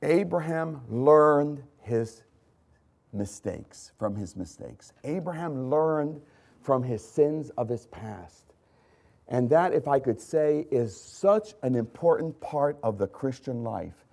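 A man preaching a sermon, swinging from loud emphatic lines to hushed ones and pausing to correct his own slips. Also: medium pitch, lively intonation, creaky. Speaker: pastor.

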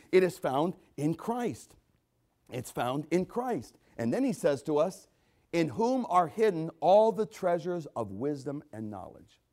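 An older man preaching a sermon as pastor, swinging between loud emphasis and quiet asides. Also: a little high.

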